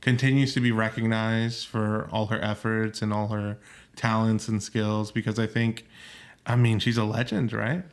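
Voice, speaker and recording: Earnest man hosting a podcast, lower voice. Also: little pitch movement, normal speed. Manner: earnest, steering the conversation, some restarts. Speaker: podcast host. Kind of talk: casual chat.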